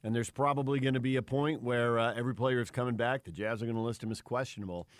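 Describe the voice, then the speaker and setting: A man's voice: mid-range voice, steady tone, fast talker, no echo, studio quality. A man co-hosting a sports radio show, talking conversationally and analytically. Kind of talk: casual sports talk.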